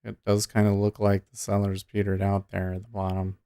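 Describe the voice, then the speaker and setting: A man's voice: fairly low pitch, completely flat delivery, fairly quick, warm tone, clear, resonant tone, no room sound, studio quality. A man hosting a live day-trading stream, thinking aloud and cheering on his trades in easy casual chat.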